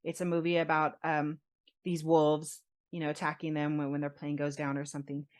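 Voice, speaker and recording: In a relaxed podcast chat, a female co-host with a low-sitting voice talks a little fast as she shares a story from her own life. Animated and quick to laugh, she imitates what others told her.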